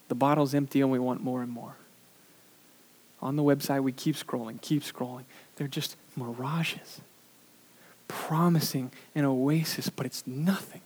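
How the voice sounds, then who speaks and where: A man preaching a sermon in an earnest way, sometimes pausing on "uh", who pushes his voice up for emphasis and then drops it low and quiet. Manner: earnest preaching with frequent "uh" fillers. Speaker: pastor.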